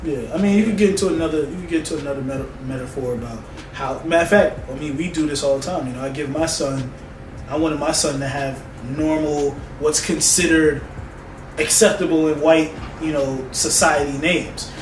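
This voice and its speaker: A man's voice: fairly high pitch, a little fast. A man talking emphatically in casual chat about a movie. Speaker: podcast co-host. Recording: echoey room, distant mic, background noise.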